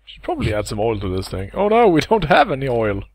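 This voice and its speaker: A man giving casual gameplay commentary as he plays through a game. He is jokey and laughs often, at a middle pitch. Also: wildly swooping pitch, fast, slight background noise. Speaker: let's play commentator. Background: game music.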